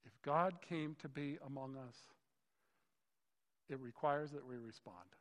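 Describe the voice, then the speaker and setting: Conversational pastor in a reverberant hall. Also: male voice, mid-range voice, expressive, normal speed. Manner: conversational, acts out skeptical dialogue. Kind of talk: sermon. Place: church hall.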